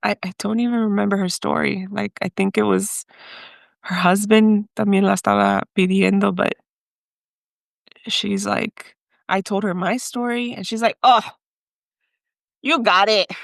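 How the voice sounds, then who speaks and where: A young adult woman from Mexico, a podcast guest telling her own story in a lively way with frequent laughter, dropping Spanish words into her English. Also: mid-range voice, measured pace, vocal fry, no echo. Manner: animated, laughs often, mixes in Spanish. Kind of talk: storytelling in an interview.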